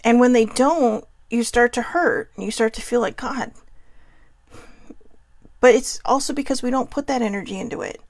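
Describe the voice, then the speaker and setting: A woman's voice: fairly high pitch, a little fast, vocal fry, hardly any pauses, dry recording. A woman hosting a show, talking candidly and emotionally about her own healing, often restarting her sentences. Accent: Hawaiian. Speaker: host. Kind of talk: personal reflective monologue.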